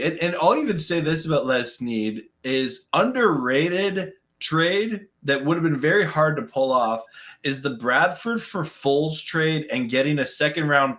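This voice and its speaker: A man co-hosting a casual live-streamed sports chat, telling stories from memory in a relaxed, conversational way. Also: medium pitch. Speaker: podcast co-host.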